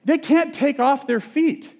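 A male pastor preaching a sermon in a relaxed, conversational and humorous way, often asking the audience questions. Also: extremely high pitch, unhurried.

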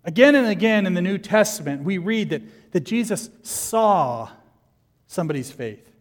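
A man preaching a sermon as pastor, lively and animated, acting out the people in his stories. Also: sits high, normal speed, big-room sound.

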